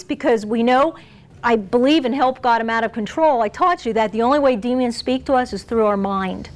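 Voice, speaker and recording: A woman delivers a sermon in a relaxed, conversational manner, laughing often. Her voice sits high, and she acts out quoted lines as she teaches. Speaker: preacher.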